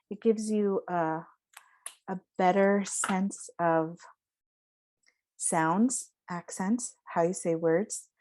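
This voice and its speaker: A woman's voice: on the low side, mellow. A woman giving a casual spoken lesson, explaining and demonstrating vowel sounds aloud. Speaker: voice teacher.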